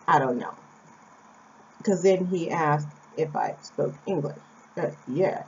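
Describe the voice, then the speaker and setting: A woman's voice: lowish voice, expressive, measured pace, darkish tone. A young American woman from Phoenix, telling a personal story in a chatty, casual way with asides to the viewer. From Phoenix, Arizona, USA. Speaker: vlogger. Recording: slightly dull lo-fi recording.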